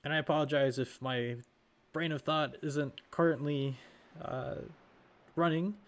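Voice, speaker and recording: A man's voice: fairly high pitch, fairly even intonation, a little slow. A man recovering from a cold gives rambling live-stream commentary on a sim race, correcting himself and using lots of fillers.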